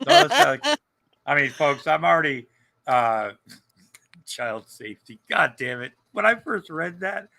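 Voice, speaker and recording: Gravelly older man, swearing and rambling. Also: on the high side, sing-song, a little slow, sharp tone. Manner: profane, rambling and joking. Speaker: co-host. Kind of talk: casual livestream chat.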